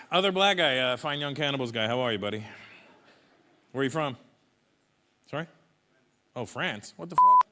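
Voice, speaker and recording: A man's voice: mid-range voice, animated, moderate pace, long pauses. A man from Canada doing stand-up crowd work in a large venue, teasing the audience with brash, profane jabs. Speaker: stand-up comedian. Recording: roomy hall with crowd noise.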